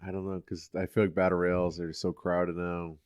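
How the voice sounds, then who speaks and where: A man's voice: low-pitched, flat delivery, a little fast, darkish tone, clear, resonant tone, no room sound, studio quality. A young man co-hosting a casual gaming podcast, giving blunt, emphatic opinions. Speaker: podcast co-host.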